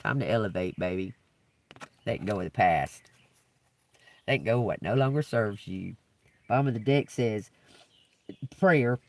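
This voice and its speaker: A man's voice: lowish voice, unhurried, long pauses, far from the mic. A man doing a live-stream tarot reading, talking casually, swearing freely and laughing often. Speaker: tarot reader.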